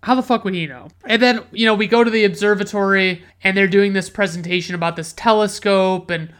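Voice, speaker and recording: A woman hosting a movie review show, talking in an unscripted, rambling way. She swears often and leans on filler words. Her voice sits at an ordinary middle pitch. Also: fairly quick. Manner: rambling, heavy swearing, many filler likes. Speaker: podcast host reviewing movies. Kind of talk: casual rant.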